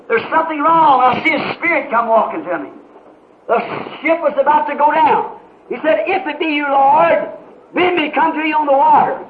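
A man preaching a sermon in an impassioned way, rising to shouts with dramatic pauses, on an old muffled tape. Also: extremely high pitch, slight background noise.

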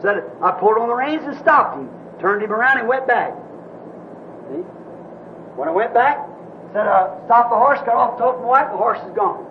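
A man with a strikingly high voice preaches a fervent sermon as a minister, dropping to hushed tones and then rising to shouts. The recording is dull and lo-fi, with a faint hiss underneath. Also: lively intonation, moderate pace. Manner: impassioned, swings from hushed to shouting.

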